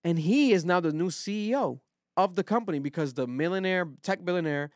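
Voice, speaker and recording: A man with a fairly high voice talks through a casual podcast, loose and profane. He is recorded close and dry, with almost no room sound. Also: animated, a little fast, no echo. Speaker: podcast host.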